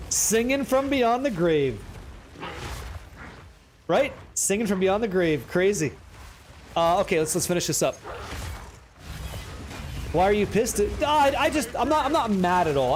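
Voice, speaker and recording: A man streaming a game live, excitable and profane as he banters with his chat. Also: high-pitched. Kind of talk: live gameplay commentary chatting with viewers.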